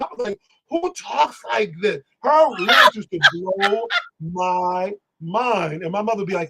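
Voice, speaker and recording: A man guest, telling animated stories in casual talk, singing bits of lyrics and acting out voices. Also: high-pitched, unhurried, gravelly, hardly any pauses, very noisy. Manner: animated, exclamatory, sings lyrics and acts out voices. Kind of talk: casual storytelling on a live stream.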